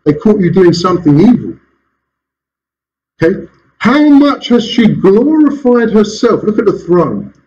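A man's voice: high voice, big pitch swings, a little slow, pauses often, mellow, dull audio, a little hiss or hum. A man preaching a sermon as pastor in a church, asking rhetorical questions and chuckling between points. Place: church hall.

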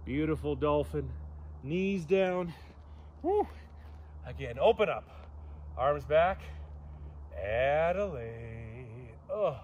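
Leading an outdoor yoga class, a Southern California man cues poses and breaths in a fairly high, sing-song, slightly mellow voice. He speaks slowly with long pauses and slips in joking asides between cues. The audio is dull, with slight background noise.

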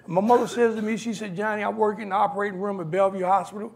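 Gravelly older New man. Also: high voice, racing, few pauses. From New York. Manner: animated, acts out quoted voices. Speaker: guest speaker. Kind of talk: storytelling talk.

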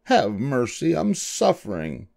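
A sly, dapper fox out of a storybook, whimpering and begging in slow, drawn-out words, as an older grandfather acts him out. He talks a notch above a man's usual pitch, with a soft, mellow tone. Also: wildly swooping pitch, creaky, heavily acted. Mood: pleading. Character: sly well-dressed male fox, whining patient.

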